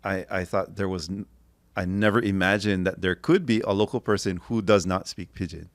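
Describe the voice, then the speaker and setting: A man's voice: deep voice, fairly even intonation, moderate pace, no room sound. A middle-aged man from Kaua'i, talking as a podcast guest in an emphatic, opinionated way. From Kaua'i, Hawaii. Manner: emphatic, opinionated, acts out quotes. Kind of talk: casual interview chat.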